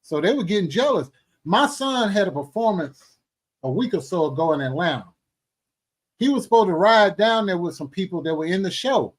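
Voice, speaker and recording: A middle-aged man hosting a casual talk show, animated, exclaiming and joking as he talks. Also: high-pitched, normal speed. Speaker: show host. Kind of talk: casual chat.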